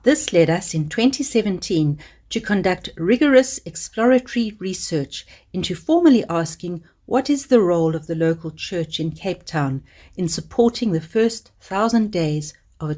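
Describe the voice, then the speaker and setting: A woman reading a scripted documentary voice-over in a measured, earnest way. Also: on the low side, darkish tone. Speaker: organisation spokesperson.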